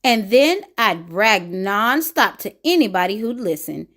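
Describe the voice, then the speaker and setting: A woman's voice: mid-range voice, very animated, a bit bright, full character voice. A woman reading aloud as a boastful, attention-hungry cheese, in a pompous, showy storybook manner. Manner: pompous, showy, drawn-out bragging. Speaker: children's book reader. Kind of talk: picture book read-aloud.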